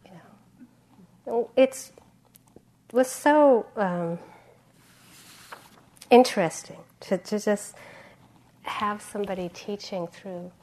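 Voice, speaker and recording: This female meditation teacher gives a dharma talk in an easygoing, chatty style. Her medium-pitched voice is slightly mellow, and she often clears her throat and pauses with filler words.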